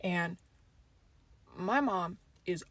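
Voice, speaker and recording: A young woman telling a storytime story to camera in a lively, animated way, acting out family members' lines. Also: fairly low pitch, very slow, no echo. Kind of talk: storytime vlog.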